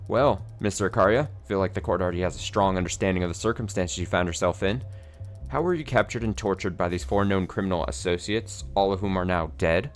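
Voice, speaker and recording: A man's voice: low-pitched, fast talker, soft background music, lightly acted. A man doing a smug, needling prosecutor.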